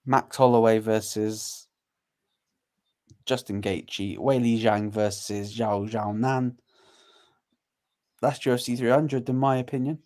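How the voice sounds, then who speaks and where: A man's voice: medium pitch, fairly even intonation, darkish tone. Eager man co-hosting a fight chat. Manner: eager, opinionated, quick to predict matchups. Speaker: co-host. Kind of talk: casual fight commentary chat.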